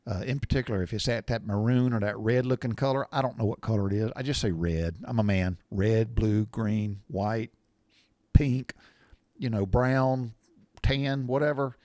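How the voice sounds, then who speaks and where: A man's voice: mid-range voice, dry recording. A middle-aged man with a drawl spins a long, rambling story for his podcast. He talks in a blunt, folksy way and lets the odd curse word slip. His mid-range voice sounds close and dry, with no room around it. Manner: folksy, blunt, salty language. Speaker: podcast host.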